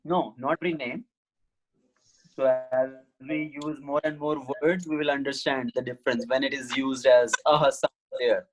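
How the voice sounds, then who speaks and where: A man teaches an online Sanskrit writing lesson, his voice in an ordinary middle pitch. He explains letters and pronunciation patiently and plainly. The sound comes through a video call. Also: fairly even intonation, moderate pace, low-quality recording.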